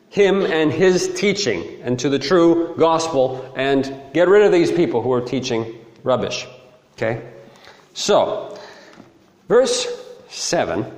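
Man preaching in an echoey hall. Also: fairly high pitch. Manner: animated, conversational, repeats key phrases for emphasis. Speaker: preacher teaching through a Bible letter. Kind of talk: casual expository sermon. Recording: echoey hall with long reverb.

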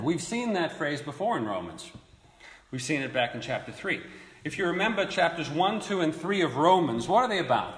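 A man giving a verse-by-verse sermon, teaching in a conversational way and asking rhetorical questions. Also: a little high. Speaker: preacher. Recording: echoey hall with long reverb.

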